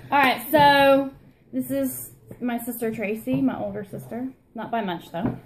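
A woman's voice: a little high, measured pace, a little hiss or hum, poor audio. A woman co-hosting a casual vlog, from Florida, telling a rambling, chatty story about herself and her sister. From Florida, USA. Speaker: vlog co-host. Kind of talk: casual chat.

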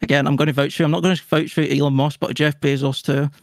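A man's voice: on the high side, flat delivery, fast talker, creaky, no room sound, studio quality. A man with a Scottish accent, rambling and swearing in self-mocking banter as a contestant in a casual voice chat. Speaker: viewer contestant.

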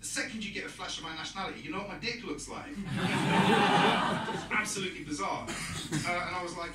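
A man's voice: sits high, fairly quick, very noisy. A young British man doing a stand-up comedy set, rambling and self-mocking, acting out quoted dialogue. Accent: British English. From Britain. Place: comedy club stage. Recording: roomy club sound from a distance. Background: audience laughter.

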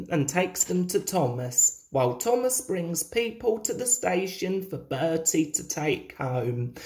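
A woman reads a children's storybook aloud in a gentle, confiding way. She takes her time, and her voice sits low but moves a lot in pitch.

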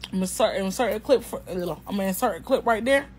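A woman's voice: mid-range voice, fast, slight background noise, poor audio. A woman chatting emphatically to her viewers in a casual testimonial vlog, repeating herself and speaking in an informal, slangy way. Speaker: customer sharing a product testimonial.

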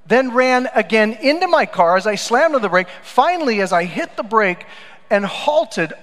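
A pastor preaching a sermon, telling stories and swinging between loud emphatic lines and quiet low asides. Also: male voice. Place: church sanctuary. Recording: church hall with long reverb.

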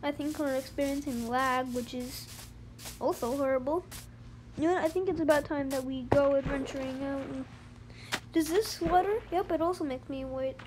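A high-voiced young gamer chatting casually and humming little tunes while playing on a phone. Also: normal speed, noisy background. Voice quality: high-pitched voice. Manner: chatty, rambling, with playful sing-song humming. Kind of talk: casual let's-play commentary.

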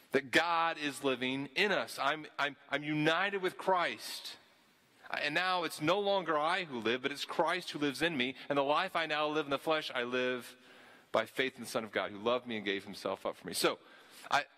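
A man's voice: mid-range voice, bright, forceful tone. A man from the Southern US preaching a sermon with a slight Southern accent, earnest and often repeating words as he restarts his phrases. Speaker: pastor.

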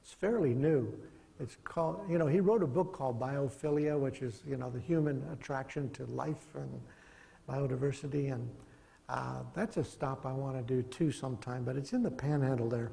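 A man's voice: mid-range voice, moderate pace, gravelly, warm tone, in a large hall. A middle-aged man giving a casual, conversational classroom lecture, wandering between points and chuckling as he goes. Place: lecture hall.

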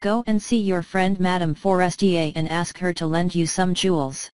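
A woman reading aloud as a timid husband who is a minor clerk, stammering a little and eager to please his wife. The voice sits low and smooth, recorded close and dry. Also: steady tone, normal speed, darkish tone, dry recording, natural voice. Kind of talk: storybook reading.

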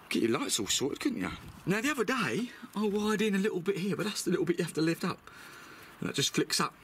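Here the British car-service vlogger, a middle-aged man, sounds mid-range and sharp, with a little hiss or hum on the recording. He chats bluntly in his British accent and swears freely while explaining the DIY job, how-to style.

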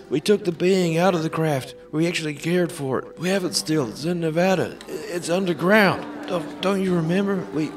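A man doing a comic impression of a muddled old American president, rambling and halting. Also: fairly high pitch, distant mic, close to an everyday voice.

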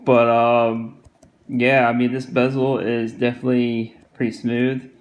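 A man's voice: mid-range voice, level tone, a little slow, dull audio. A man with a Southern US accent giving a casual, rambling product review, full of fillers and repeated phrases. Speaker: watch reviewer.

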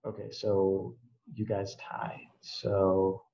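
A man's voice: low voice, monotone, gravelly, warm tone, faint music behind. Young male game master, casual and laughing easily, on dull video-call audio. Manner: casual, quick to laugh, improvising rules on the fly. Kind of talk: running a tabletop game over a video call.

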